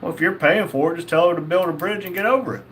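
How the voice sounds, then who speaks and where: A man's voice: high-pitched, fast talker, slight background noise. A man hosting a casual livestream, reading viewer messages aloud and joking back at them. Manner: jokey, laughs often, reads messages in a flat quoting tone. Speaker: livestream host.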